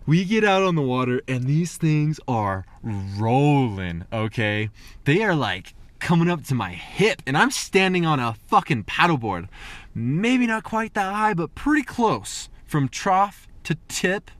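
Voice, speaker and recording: A man's voice: medium pitch, no echo. A young man telling a profane, rambling story about a mishap, with lots of fillers. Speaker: vlogger. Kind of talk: casual storytelling.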